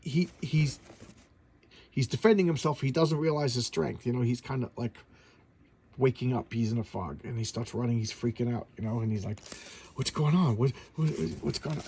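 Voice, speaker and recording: A man's voice: medium pitch, gravelly, slight background noise. A middle-aged man chatting casually about old comics, enthusiastic and rambling, with lots of stammered restarts. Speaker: comic collector host. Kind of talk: casual comic review chat.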